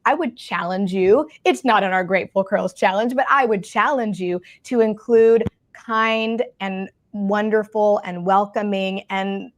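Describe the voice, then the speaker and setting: A woman's voice: mid-range voice, unhurried, hardly any pauses. A woman, co-hosting a casual podcast about curly hair, chatty and full of asides. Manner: chatty, warm-hearted, lots of fillers and asides.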